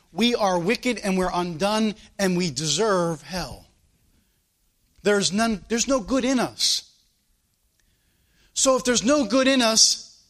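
A preacher from the United States delivering a sermon, emphatic and full of rhetorical questions and repeated phrases. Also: male voice, sits high, fairly bright tone.

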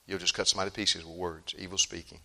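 A male pastor preaching a sermon emphatically, repeating phrases and swinging from loud outbursts to hushed tones. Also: deep voice, level tone, racing, creaky.

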